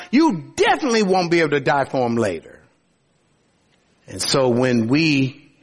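A man's voice: fairly high pitch, husky. A man preaching a sermon expressively, often opening his sentences with "oh". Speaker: pastor.

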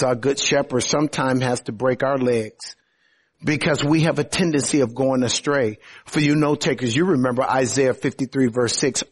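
A man preaching a sermon, explaining scripture in an emphatic, conversational way with sudden swings between loud and quiet. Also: mid-range voice, breathy edge. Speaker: pastor.

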